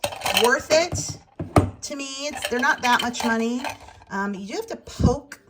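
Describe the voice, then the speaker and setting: A woman's voice: fairly high pitch, moderate pace, heavy background noise. A woman chatting casually through a home vlog while she cooks in her kitchen. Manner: chatty, talks through chores and to her dogs. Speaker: vlogger.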